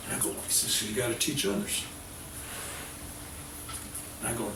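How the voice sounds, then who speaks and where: An older man giving a spiritual workshop lecture, telling a story with animated acted-out dialogue. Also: lowish voice, moderate pace, vocal fry, pauses often, background noise. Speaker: workshop speaker. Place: workshop room. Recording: roomy sound from a distant mic.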